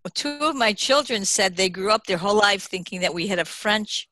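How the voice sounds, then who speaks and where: A mother and teacher telling an amused story in an animated, chatty way. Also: medium pitch, a little fast, hardly any pauses, no room sound, low-quality recording. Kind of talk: casual storytelling.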